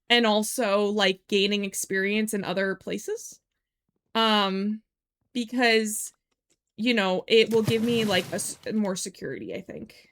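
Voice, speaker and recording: This is a casual live-stream chat by a young woman at home, who rambles on with plenty of "like"s. Her voice is medium in pitch with a slightly bright tone.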